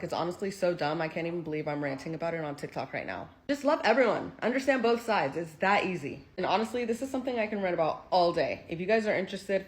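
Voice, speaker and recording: A woman's voice: on the low side, slight background noise. A woman and TikTok creator giving an earnest, exasperated casual rant.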